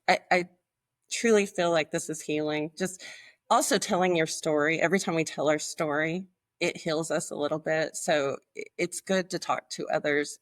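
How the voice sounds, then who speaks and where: Sincere woman with a very low voice. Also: no echo, studio quality. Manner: sincere, faith-centered. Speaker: podcast guest. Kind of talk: casual interview talk.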